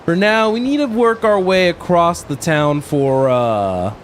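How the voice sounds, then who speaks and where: A man's voice: on the high side, expressive, unhurried, slight background noise. A man playing a video game, chatting casually and stumbling over his words as he reads the dialogue aloud. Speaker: let's play gamer. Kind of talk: casual gameplay commentary.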